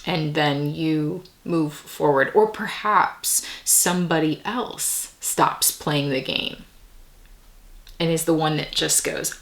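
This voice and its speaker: A woman giving a casual tarot reading to camera, musing and meandering, with soft whispered asides. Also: deep voice, sing-song, slow pace, gravelly. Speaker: tarot reader.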